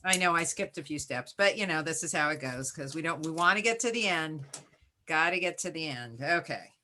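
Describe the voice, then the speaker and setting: A woman teacher presenting a webinar, modeling a phonics lesson as she sounds out syllables slowly and makes chatty asides and self-corrections. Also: sits low, animated, sharp tone. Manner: slow, deliberate sounding-out of syllables.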